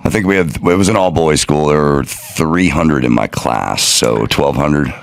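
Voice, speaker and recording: A man's voice: extremely low pitch, unhurried, gravelly. A man co-hosting a casual chat, telling stories about himself with dry, self-mocking humor.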